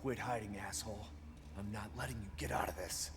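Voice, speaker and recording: Male game lead: man playing a gruff, cursing hero, lowish voice, distant with ambience. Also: steady tone, a little fast, background noise, lightly acted. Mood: angry. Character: angry, determined grown man, game hero. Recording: game audio heard from afar with ambience.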